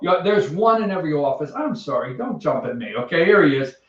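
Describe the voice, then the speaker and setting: A man's voice: fairly high pitch, animated, quick pace. A man hosting a sarcastic, jokey countdown of news headlines from an office. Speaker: host. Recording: echoey, distant, dull sound.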